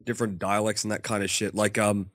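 Low, dry-sounding sweary podcast guy. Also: level tone, fast talker, no room sound. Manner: easygoing, sweary storytelling. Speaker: podcast co-host. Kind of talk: casual podcast chat.

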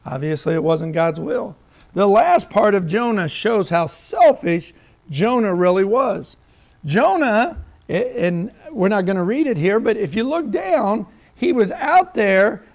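A man's voice: high-pitched, sing-song, a little slow. A man preaching a sermon as pastor, reading scripture and acting out quoted prayers.

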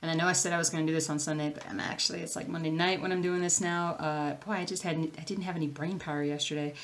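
Chatty, rambling woman, slightly low voice. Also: fairly even intonation, quick pace, a little hiss or hum. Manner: rambling, easily sidetracked, chatty. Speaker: cross-stitch channel host. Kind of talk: casual chat to camera.

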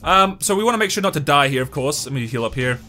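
A young man giving excitable, joking let's-play commentary while he talks to the game. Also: fairly high pitch, fast talker. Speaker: gaming YouTuber.

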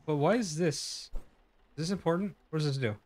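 Playing a horror game for his video channel, a man chats through casual let's-play commentary, curious and now and then swearing. His voice is fairly high and a little mellow, and he talks a bit fast.

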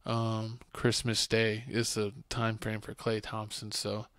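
A male podcast host with a crackly yet smooth voice talks sports in a flat, even tone. His jokes and insults come out blunt. The sound is close and dry. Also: on the low side, takes it slowly, no echo. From Texas. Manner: joking, blunt trash talk. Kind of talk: casual sports chat. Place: home studio podcast.

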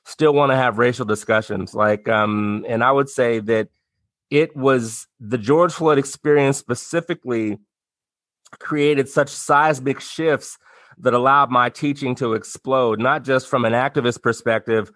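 A man's voice: mid-range voice, a little slow, fairly bright tone, no room sound. A man speaking as an interview guest in a casual, conversational way, often checking in with "right?". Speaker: guest, activist and yoga teacher.

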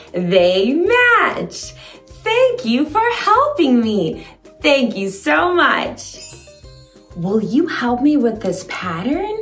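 A woman hosting a toddler learning video, speaking in a sing-song, encouraging way with slow, clear words, in an echoey room with faint music. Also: high-pitched. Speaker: children's show host.

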